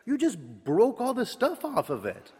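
A man's voice: very high voice, wildly swooping pitch, normal speed, darkish tone, slightly rough, voice pushed up, full character voice. A man voicing an upset young boy who insists his friend took his knife, pleading and close to tears, with a long hall echo. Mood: upset, accusing.

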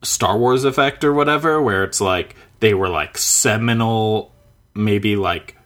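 A man's voice: on the low side, measured pace, fairly bright tone. A man in his thirties chatting casually, rambling and searching for words with lots of filler. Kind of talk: casual chat.

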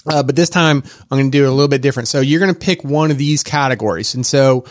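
A man hosting a podcast in casual chat, rambling with lots of fillers and quick laughs. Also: medium pitch, dry recording, studio quality. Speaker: podcast host.

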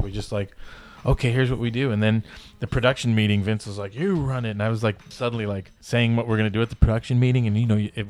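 A man's voice: fairly low pitch, a little mellow. A man in his fifties telling stories as a podcast guest, rambling and swearing casually. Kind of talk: casual storytelling in a podcast interview.

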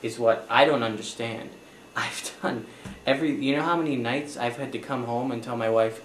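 A man's voice: mid-range voice, steady tone, normal speed, fairly bright tone, a little hiss or hum. Flustered apologetic man in echoey room. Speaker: comedy performer as accountant. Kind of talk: one-sided improvised comedy scene.

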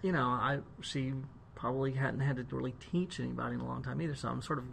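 Man co-hosting a relaxed office podcast chat. His voice carries a gravelly fry and sits at an ordinary middle pitch. He talks in loose, rambling sentences and tosses in jokes along the way. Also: fast, slight background noise. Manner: chatty and joking, with asides. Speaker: co-host. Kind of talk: casual podcast conversation.

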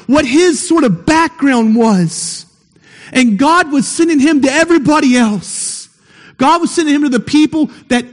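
A man preaching a sermon as pastor, emphatic and building to shouts at the high points. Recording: long hall reverb.

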